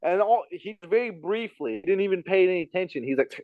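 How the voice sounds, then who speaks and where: Fast-talking high-voiced man telling a story. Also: no echo, narrow, tinny audio. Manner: rambling, repeats himself, frequent fillers. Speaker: podcast guest telling a story. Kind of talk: casual storytelling chat.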